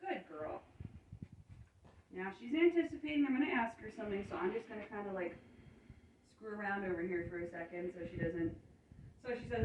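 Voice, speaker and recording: Calm, praising woman horse trainer recorded from afar in a roomy space. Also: medium pitch, fairly quick, pauses often. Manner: calm, praising, explains as she works. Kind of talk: hands-on training demonstration. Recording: roomy, distant, faint ambient noise.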